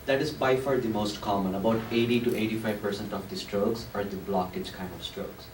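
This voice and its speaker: Male doctor at a public talk, patient explainer, lowish voice, echoey distant room sound, faint hiss. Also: fairly even intonation, a little fast. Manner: patient, explanatory, many fillers. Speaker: stroke doctor answering questions. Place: large room with an audience. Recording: echoey room, mic far off, faint noise.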